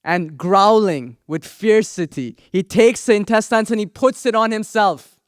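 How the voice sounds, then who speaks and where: A man's voice: high voice, measured pace, dry recording, clean studio sound. A man telling a sacred story as a spiritual teacher, dramatic and drawing in his audience. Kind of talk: storytelling sermon.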